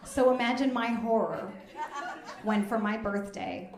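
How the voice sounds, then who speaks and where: A woman, doing a deadpan, conversational stand-up comedy set on stage at a live fundraiser show. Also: medium pitch, measured pace. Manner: deadpan, conversational, drops into asides. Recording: echoey room with loud audience noise.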